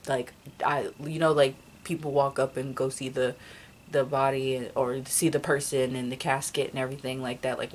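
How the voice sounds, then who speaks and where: A woman's voice: rumbling low, slight background noise. A young woman telling a personal story in a casual vlog, rambling with many fillers and restarts. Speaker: vlogger.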